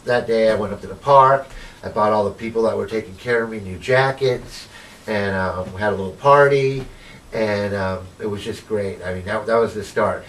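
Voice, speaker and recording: A man's voice: lowish voice, moderate pace, a bit bright, recorded from a distance, slight background noise, poor audio. A formerly homeless man telling his life story in an interview, rambling with lots of "you know" and retelling what people said to him. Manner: rambling, full of "you know" and retold dialogue.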